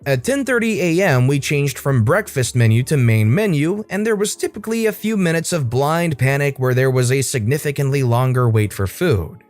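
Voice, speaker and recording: A man narrating online stories in a scripted, expressive reading, with asides to his viewers. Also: medium pitch, normal speed, few pauses, faint music behind.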